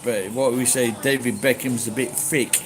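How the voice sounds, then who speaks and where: A middle-aged man from Yorkshire, chatting casually on a livestream, rambling and halting, speaking slowly and swearing now and then. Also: medium pitch, a crowd in the background, rough recording. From Yorkshire, England. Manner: talks slowly and deliberately. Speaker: livestream host. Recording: steady background noise.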